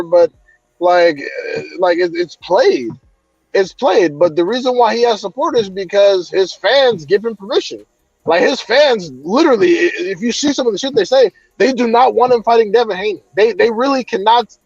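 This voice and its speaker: High-voiced man ranting about boxing. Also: a little mellow, breathy edge, no room sound, muffled recording. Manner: heated, profane ranting. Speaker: boxing commentator. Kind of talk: casual chat.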